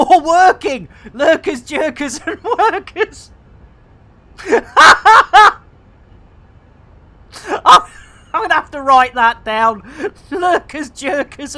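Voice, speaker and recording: A woman's voice: mid-range voice, pushed and bright. A woman streaming a game, chatting casually to her viewers, rambling and punning with frequent giggles. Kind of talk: casual live-stream chat.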